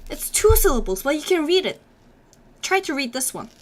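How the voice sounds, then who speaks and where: A young woman teaches a live-streamed Korean class, drilling each sound by repeating it many times. She encourages viewers and reads their chat comments aloud, speaking at a moderate pace in a high voice with big pitch swings.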